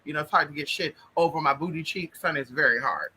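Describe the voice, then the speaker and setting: Flamboyant high-voiced man calling everyone honey. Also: quick pace, bright, forceful tone, breathy edge. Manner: profane and blunt. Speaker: livestream host. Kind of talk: casual livestream chat greeting viewers.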